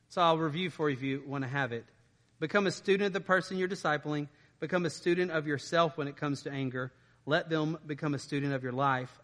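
Bright-voiced man preaching in a hall. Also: a little high. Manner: informal, asks "right?" often. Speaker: pastor. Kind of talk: conversational sermon.

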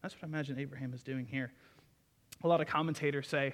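A man's voice: medium pitch, steady tone, quick pace, big-room sound. A man preaching a sermon in a folksy, enthusiastic way, with asides to the congregation. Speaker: pastor.

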